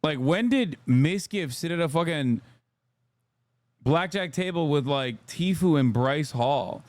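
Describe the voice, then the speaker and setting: A man's voice: on the high side, expressive, slow pace, a little mellow, no echo. Man reacting on a live stream. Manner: exasperated, conversational, frequent cursing. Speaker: streamer and political commentator.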